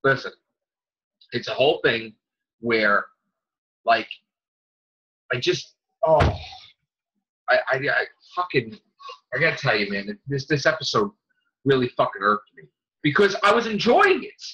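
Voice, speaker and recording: A man's voice: medium pitch, big pitch swings, measured pace, long pauses, pushed and bright. A man co-hosting a casual fan podcast, ranting with lots of fillers, restarts and swearing. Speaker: podcast co-host. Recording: dull lo-fi podcast audio.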